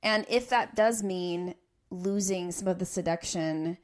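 Low-voiced woman podcast host. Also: measured pace, darkish tone. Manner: earnest, explanatory, builds careful arguments. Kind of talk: casual podcast discussion.

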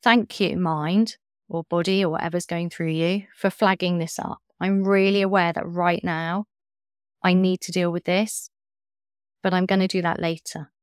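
Gentle soothing woman coach. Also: lowish voice, steady tone, normal speed, no echo, studio quality. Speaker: coach, podcast guest. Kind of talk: interview talk.

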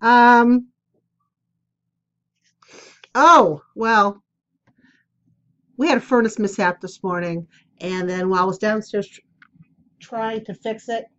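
At home indoors, a woman with a mid-range voice chats casually for her vlog, taking it slowly and pausing often. She rambles and pokes fun at herself while telling stories before an oracle card reading, and the highs are cut off.

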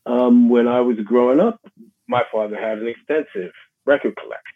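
A middle-aged man with a New York accent, a musician being interviewed, speaking in a halting, reflective way with many restarts. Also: medium pitch. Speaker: guest musician. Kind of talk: casual interview conversation. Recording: husky voice over a tinny phone line.

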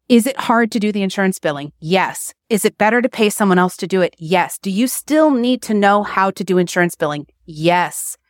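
A woman speaking bluntly and with emphasis, laughing now and then at herself. She talks at a middle pitch, recorded close and dry with no room sound. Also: dry recording. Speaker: podcast guest, acupuncture practice owner. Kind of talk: candid interview talk.

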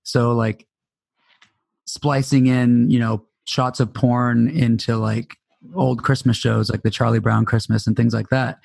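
Gravelly, laid-back man on a podcast. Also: medium pitch, little pitch movement, measured pace, darkish tone, dry recording. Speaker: podcast co-host. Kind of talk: casual chat.

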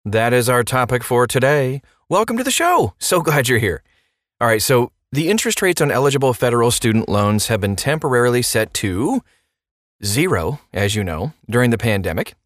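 A man's voice: mid-range voice, very animated, normal speed, fairly bright tone, no echo, clean studio sound. A man hosting a podcast and explaining a money topic in a playful way, with rhetorical questions and jokey asides. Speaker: podcast host.

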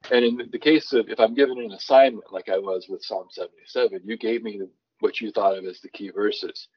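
Husky-voiced man, low and muffled. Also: fairly even intonation, a little fast. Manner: thoughtful, restarts often, reads scripture aloud with varied emphasis. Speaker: songwriter guest. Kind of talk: conversational explanation.

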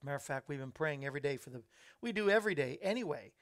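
A man's voice: a little high, lively intonation, rapid-fire, a bit bright. A man hosting a casual live-streamed Christian talk show, upbeat and folksy as he greets viewers by name. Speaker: host.

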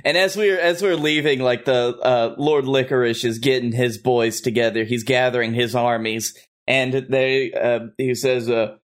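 A man's voice: medium pitch, fairly even intonation, moderate pace. A man narrating a comedic tabletop game as game master, rambling with lots of fillers. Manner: rambling, hesitant, with many fillers.

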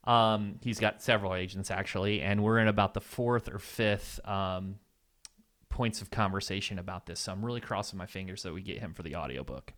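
A man with a somewhat low, nasal voice talks as a podcast guest. He is upbeat and candid, and he rattles off ideas in quick conversational bursts. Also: fairly bright tone. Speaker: podcast guest, agency owner. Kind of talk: casual interview answers.

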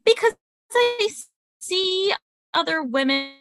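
A woman's voice: extremely high pitch, expressive, slow pace, fairly bright tone, slight background noise. A woman, a guest on a podcast, talking at length with many fillers. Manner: talkative, fillers, laughs between points. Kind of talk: casual chat.

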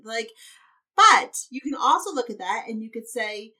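A woman's voice: a little high, sing-song, normal speed, pushed and bright, recorded from a distance. A woman guest on a podcast, giving earnest advice in casual chat and saying "like" often. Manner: earnest, uses 'like' often.

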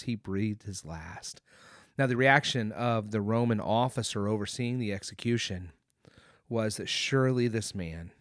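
A man's voice: lowish voice, no room sound, studio quality. A man hosting a devotional podcast, talking earnestly through a Bible passage with fillers and restarts. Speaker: podcast host.

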